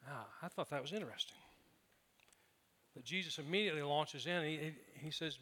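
Guy pastor giving a sermon, kinda high bright voice, jokes around and acts out stories. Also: expressive, fairly quick. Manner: humorous storytelling with acted quotes.

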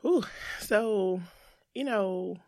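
A woman's voice: mid-range voice, drawn-out words, darkish tone. A woman guest from the United States, talking in a casual interview in an earnest, reflective way.

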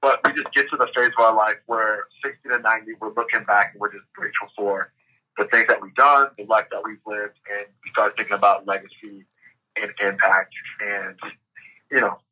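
A man with a sharp, bright tone and a husky edge, speaking as a podcast guest. He coaches in a reflective, conversational way and peppers his points with "like" and "right?". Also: fairly low pitch, fairly even intonation, fairly quick, low-quality recording. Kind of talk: motivational interview talk.

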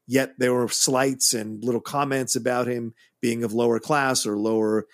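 A man's voice: mid-range voice, steady tone, moderate pace, no room sound, studio quality. A man co-hosting a film podcast, giving opinionated, emphatic critique in casual chat. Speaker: podcast co-host.

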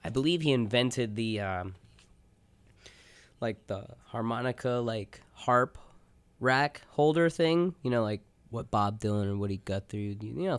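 A man's voice: fairly low pitch, clear, resonant tone, no echo. A young man co-hosting a college radio show, rambling casually with lots of "like" and "you know". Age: young adult. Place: radio studio. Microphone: studio microphone.

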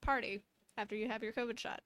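A woman co-hosting a casual chat, trading quick jokey asides. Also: a little high, steady tone, a bit bright, no room sound. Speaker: co-host.

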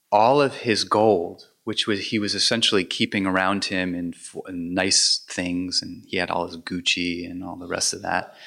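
Meditation teacher, male, low voice but forceful tone, reflective storyteller. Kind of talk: dharma talk.

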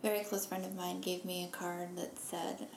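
A woman speaking in a casual, reflective chat, thoughtful and measured, trailing off softly. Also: lowish voice, little pitch movement. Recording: echoey room with faint noise.

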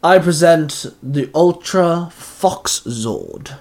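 A man voicing a scheming male Duke Orc monster who speaks in a slow, drawn-out, lordly way. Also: fairly high pitch, expressive. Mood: lofty.

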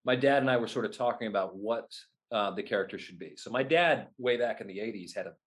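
Male guest, 30s, lower-pitched and lively, telling anecdotes in conversation. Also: fast. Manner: animated, acts out his own past remarks. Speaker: guest, whip performer at renaissance fairs. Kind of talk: casual interview storytelling.

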